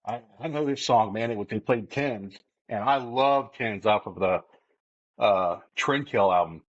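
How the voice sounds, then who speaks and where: Man, rambling host, low voice, dull lo-fi sound. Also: measured pace, no echo. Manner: rambling, fillers and restarts. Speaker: podcast host. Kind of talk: casual chat.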